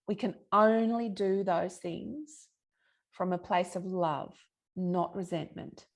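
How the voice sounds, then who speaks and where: A woman's voice: on the low side, steady tone, slow pace. Earnest woman sharing her healing story. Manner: earnest and emphatic, with frank swearing. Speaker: podcast guest, yoga teacher and healer. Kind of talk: candid personal storytelling in conversation.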